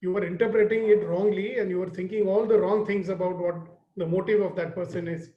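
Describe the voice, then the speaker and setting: A man with an Indian accent gives a leadership lecture in a high voice, checking in with his listeners and telling stories. The room sounds roomy, and the recording is slightly dull. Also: steady tone, a little fast. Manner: earnest, questioning the audience, storytelling. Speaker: leadership trainer.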